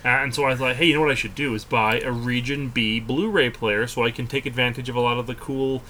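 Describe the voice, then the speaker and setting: A man with a hoarse, raw voice from a lingering cold, hosting a podcast in a relaxed chat. He jokes a lot and turns playfully defensive when he is questioned. His voice sits at an ordinary middle pitch. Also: fast talker, a little hiss or hum. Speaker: podcast host. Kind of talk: casual chat.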